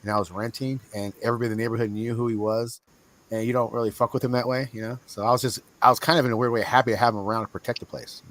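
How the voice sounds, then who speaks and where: Fast-talking, profane man telling stories. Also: mid-range voice. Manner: rambling, profane, animated storyteller. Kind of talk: casual chat, storytelling.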